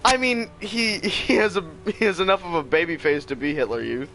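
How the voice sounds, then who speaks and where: A young man chatting with friends during a game, animated and teasing, with sudden exclamations. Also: high-pitched, brisk. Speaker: friend and co-player. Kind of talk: casual chat among friends while gaming.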